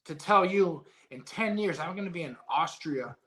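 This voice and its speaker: In a casual interview, a middle-aged guest and former heavyweight boxer shares his stories at a moderate pace. He has a bright, forceful, fairly high voice, and he's animated and emotional, cursing freely as he goes.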